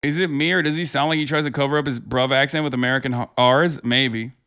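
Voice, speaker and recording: A man's voice: medium pitch, steady tone, fast, sharp tone, clean tone. A man in his thirties hosting a livestream, talking in a heated, sarcastic and profane way. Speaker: livestream host. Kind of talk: casual streamer commentary.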